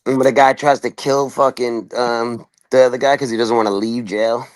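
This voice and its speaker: A man's voice: medium pitch, steady tone, a little fast. A man from New York co-hosting a casual late-night chat, full of laughter, slang and loose, profane banter. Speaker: podcast co-host.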